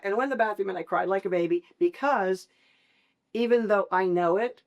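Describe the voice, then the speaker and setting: A woman's voice: mid-range voice, quick pace. A middle-aged woman, a podcast guest, telling a personal story with feeling, laughing often and acting out the dialogue. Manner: expressive, laughs often, acts out quoted dialogue.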